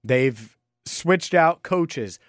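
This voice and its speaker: A man's voice: fairly high pitch, lively intonation, extremely slow, dry recording, studio quality. A young man hosting a casual solo sports podcast, talking in a rambling way with many restarts and fillers. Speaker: podcast host.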